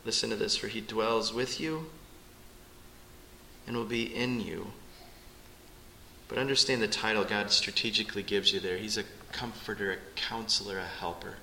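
A middle-aged male pastor preaching a sermon in a church, earnest and urgent by turns, rising to pleading then dropping soft. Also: lowish voice, fairly even intonation, moderate pace, gravelly, long pauses, a little hiss or hum. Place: church sanctuary. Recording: echoey church sanctuary with faint ambience.

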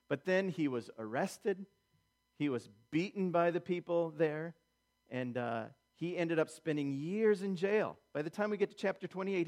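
A male pastor with a somewhat high voice preaches, acting out quotations dramatically and driving points home through emphatic repetition. He moves between soft asides and forceful declarations.

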